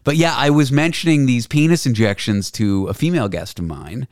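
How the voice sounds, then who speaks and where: A male podcast host chats candidly and rambles a little, often laughing at himself. His voice sits at an ordinary pitch. The sound is dry, with no room echo. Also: expressive, brisk. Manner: rambling, self-deprecating, frank. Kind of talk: casual candid chat.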